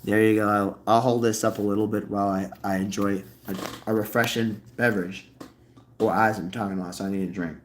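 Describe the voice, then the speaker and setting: Rambling, excitable male video host. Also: on the low side, fairly quick, a little hiss or hum. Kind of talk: casual rambling commentary.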